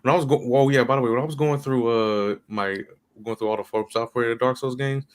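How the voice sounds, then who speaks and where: Fast-talking low-voiced man cracking quips. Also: fairly even intonation. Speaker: podcast co-host. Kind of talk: casual gaming chat.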